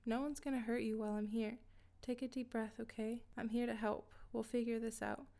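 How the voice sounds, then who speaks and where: A woman reading the lines of a calm, reassuring male federal agent in a story narration. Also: a little high, brisk, lightly acted.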